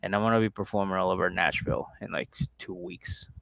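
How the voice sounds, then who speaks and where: A man's voice: low voice, fast, gravelly, fairly bright tone, dry recording. A man in his thirties co-hosting a podcast in casual chat, laughing often and swearing casually. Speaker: podcast co-host.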